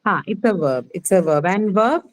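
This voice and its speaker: A woman's voice: mid-range voice, animated, a crowd in the background, low-quality recording. Patient woman teacher quizzing on word stress. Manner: patient, repeats words slowly, quizzes students. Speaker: English teacher. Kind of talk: online class on word stress.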